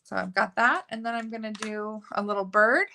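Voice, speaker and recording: A woman leads a live card-making tutorial in a bright, forward voice at a middling pitch. She chats and gushes as she works, filling pauses with little ums. Her talk rambles happily from one idea to the next. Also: creaky, a little hiss or hum. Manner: chatty and gushing, with frequent fillers. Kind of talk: live crafting tutorial chat.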